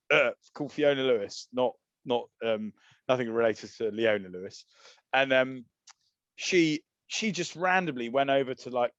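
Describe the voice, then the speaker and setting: A man's voice: medium pitch, dry recording. An Englishman rattles through a long, laddish anecdote with plenty of asides and restarts. His voice sits in a middling register. The recording is dry and a little muffled. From England. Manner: rambling, laddish, animated storyteller. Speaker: podcast guest, former rugby player. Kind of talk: casual storytelling chat.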